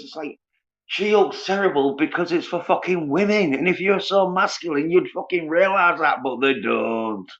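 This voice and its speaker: A man's voice: a little high, normal speed, fairly bright tone. A man, ranting scornfully and profanely on a casual livestream while reading viewers' comments. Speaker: livestream host. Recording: dull lo-fi sound.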